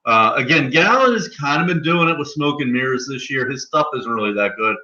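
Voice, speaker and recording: Male podcast host, bright and cutting tone, casual betting talk, lo-fi sound. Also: mid-range voice, lively intonation, brisk. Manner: rattles off odds, fillers and restarts. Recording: dull lo-fi podcast audio.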